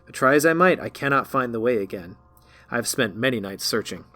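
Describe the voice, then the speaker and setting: A wistful dreamer speaks with earnest, rapt wonder, his tone slightly raised and lively, as a man puts him on. He sounds like a character in a spoken fantasy adventure. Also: medium pitch, brisk.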